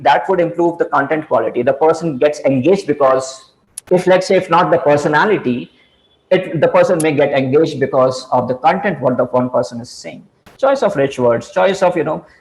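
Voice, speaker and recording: A man delivers a lecture in a somewhat raised register. He speaks haltingly, reaching for words with frequent "you know" fillers and restarted phrases. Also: fairly high pitch, a little mellow, rough recording. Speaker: speaker on communication skills.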